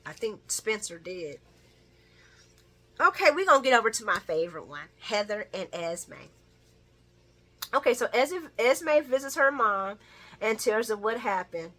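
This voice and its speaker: A woman with a bright, forward voice talks through a daytime soap recap in a loose, chatty way. She is sassy and laughs easily, and she throws slangy asides back at the characters. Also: mid-range voice, big pitch swings, a little slow, long pauses. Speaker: soap opera recap vlogger. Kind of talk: casual spoken recap.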